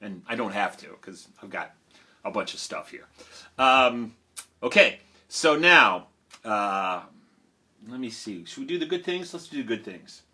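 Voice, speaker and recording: A man's voice: medium pitch, sing-song, unhurried, pauses often, sharp tone, slightly rough. A man who sings and tells stories for children, chatting playfully on a home live stream and coaxing his listeners to join in. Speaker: children's singer and storyteller. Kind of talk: casual live-stream chat to a young audience. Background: guitar playing.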